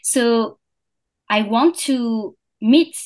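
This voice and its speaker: Young French woman, guest in a casual interview; slow, halting delivery full of fillers. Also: on the high side, a little mellow. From France. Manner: hesitant, many fillers and restarts. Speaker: podcast founder, guest.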